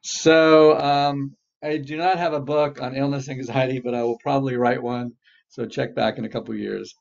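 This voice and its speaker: A man leads a webinar as a therapist, coaching his listeners through an exercise with steady encouragement. His voice carries a gravelly rasp, and the audio is dull and lo-fi, as from a video call. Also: mid-range voice, moderate pace.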